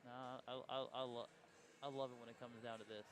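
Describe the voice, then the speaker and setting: Quick-talking male pool co-commentator. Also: medium pitch, flat delivery, a crowd in the background. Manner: short agreeing interjections. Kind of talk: casual commentary chat.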